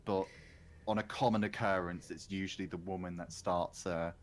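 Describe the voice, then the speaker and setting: A man's voice: deep voice, steady tone, moderate pace. A man hosting a casual chat podcast, joking and blunt, swearing freely. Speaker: podcast host.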